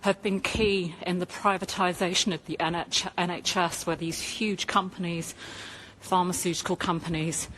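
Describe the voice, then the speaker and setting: A woman's voice: fairly low pitch, fairly even intonation, moderate pace, a bit bright, a little hiss or hum. Indignant woman filming as she walks. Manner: indignant, urging viewers to look. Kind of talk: handheld walk-through video rant. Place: empty hospital corridors indoors, walking.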